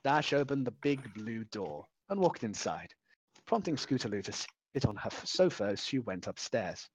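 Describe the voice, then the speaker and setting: A man's voice: mid-range voice, expressive, normal speed, noisy background. A man reading a story aloud in a casual, unpolished way, stumbling over words and restarting them as he goes. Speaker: amateur reader.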